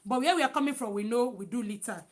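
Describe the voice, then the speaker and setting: A young Nigerian woman talks straight to her viewers in a loud, emphatic voice that sits a touch high. She speaks in quick bursts, circling back over her words as she goes. Her Nigerian accent colours every line. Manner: animated, loud and emphatic, with many restarts. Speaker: vlogger. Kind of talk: casual vlog chat.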